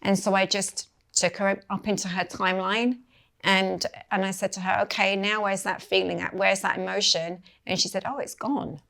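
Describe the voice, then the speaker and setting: Middle-aged english lady coach telling stories, kinda low and gravelly, lots of ums. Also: little pitch movement, normal speed, fairly bright tone. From England. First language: Maltese. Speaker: guest coach. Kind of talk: conversational interview.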